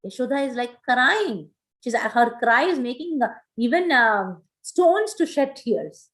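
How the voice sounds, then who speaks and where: A woman teaching a scripture class, retelling a story in an animated way with many fillers. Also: a little high, measured pace, rough recording.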